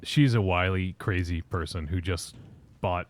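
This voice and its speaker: A man's voice: sits low, unhurried. A man hosting a podcast in casual chat, laughing often and reading out messages from the chat. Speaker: podcast host.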